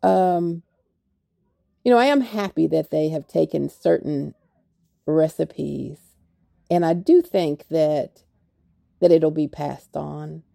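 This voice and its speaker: A woman's voice: sits low, slow, creaky, pauses often, dark tone, dry recording, clean studio sound. An older woman with a Kentucky accent, speaking as an author guest in a radio interview, reflective and hesitant, with many fillers.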